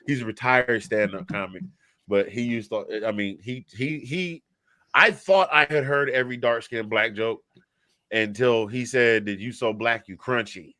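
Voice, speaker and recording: A man's voice: mid-range voice, measured pace, sharp tone, no echo, studio quality. Laughing man in his fifties telling stories. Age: 50s. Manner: storytelling, laughs often. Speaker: podcast co-host. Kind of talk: casual chat.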